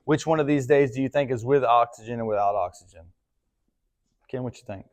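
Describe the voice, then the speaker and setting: A man's voice: mid-range voice, brisk, darkish tone. A man coaching a class in a gym, talking casually and checking in with frequent questions. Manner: casual, asks the group questions often. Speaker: strength coach.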